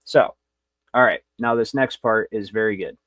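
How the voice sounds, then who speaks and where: A man's voice: lowish voice, moderate pace, fairly bright tone, no room sound. A man hosting a livestream, lecturing in a brash, rambling, profane way. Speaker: show host.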